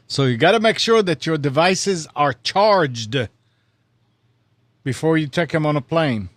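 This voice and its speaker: Casting: man with a slightly high voice, reads news in halting chat, dry close sound. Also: expressive, no echo. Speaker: podcast co-host. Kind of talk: casual chat, reading news.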